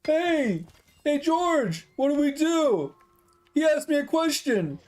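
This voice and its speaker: A clueless young fast-food girl, as a man puts her on, stammering helplessly in a pitched-up, strained voice. She sounds a little distant and hollow, as if calling to coworkers. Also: big pitch swings, a little mellow, full character voice. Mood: bewildered.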